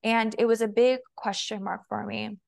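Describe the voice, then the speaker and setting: A young woman chats freely as a podcast guest, her voice carrying a gravelly fry. She scatters "like" through every sentence and acts out the back-and-forth with her partner. Her pitch sits in an ordinary middle range. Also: little pitch movement, normal speed. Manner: chatty, heavy use of "like", quotes herself and her partner. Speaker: guest, femininity and body language coach. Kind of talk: casual podcast interview.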